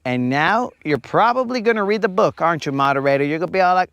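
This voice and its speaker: A man's voice: high-pitched, lively intonation, fast, a bit bright, dry recording. A man hosting a fishing livestream from a lake, bantering with his chat in a playful, teasing, slangy way.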